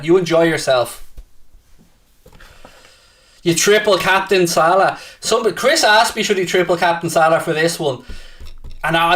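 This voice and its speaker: A fairly high-voiced man hosts a live football stream, bantering crudely and mocking rival fans. He sits a bit back from the microphone, so his voice sounds slightly distant. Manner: brash and profane, taunting rival fans; excitable, shouting at times. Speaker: host of a football watchalong stream. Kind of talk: casual live-stream chat, reading and answering viewer comments.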